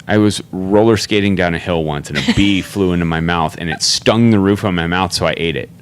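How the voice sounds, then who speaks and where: A man's voice: sits low, fairly quick, clear, resonant tone. A man hosting a podcast in casual chat, blunt and profane, laughing a lot.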